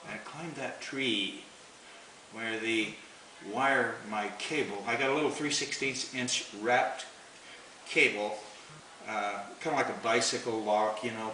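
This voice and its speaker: A man's voice: fairly low pitch, unhurried, sharp tone. A man telling a long story in a rambling, folksy way, chuckling as he goes. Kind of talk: casual spoken storytelling. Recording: roomy, distant, noisy home recording.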